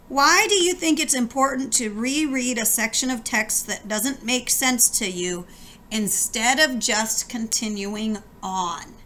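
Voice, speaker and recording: A woman's voice: sits high, sharp tone. A woman teacher giving a recorded reading lesson, explaining and asking her students questions. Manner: instructive, posing questions to students.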